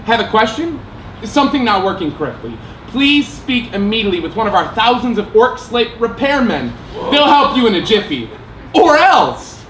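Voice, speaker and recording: An over-eager male theme-park ad announcer, put on by a man on stage sells his pitch with mock cheer. The voice is pitched fairly high and sounds roomy. A faint hum of the venue sits behind it. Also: a bit bright, full character voice.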